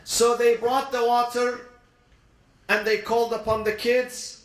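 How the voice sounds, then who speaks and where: High-voiced man preaching a story, echoey. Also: flat delivery. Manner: dramatic, slows and drops low for emphasis. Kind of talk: emotional sermon storytelling.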